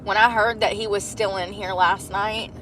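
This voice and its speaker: A woman's voice: medium pitch, normal speed, a little hiss or hum. Chatty woman streaming from truck. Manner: chatty, animated storytelling with swearing. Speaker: livestreamer. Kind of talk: casual livestream chat. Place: inside a parked truck.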